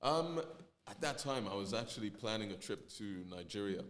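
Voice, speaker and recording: A man's voice: lowish voice, normal speed. A man, a musician as interview guest, talking casually and loosely with many fillers. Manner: relaxed, many fillers and "you know".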